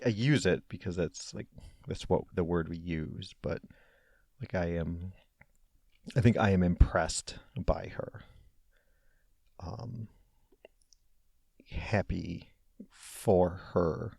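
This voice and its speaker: A man hosting a solo podcast, talking in a hesitant, reflective way with lots of fillers and restarts, soft-spoken and low-key. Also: gravelly, no echo, studio quality. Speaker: podcast host. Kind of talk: casual solo podcast monologue.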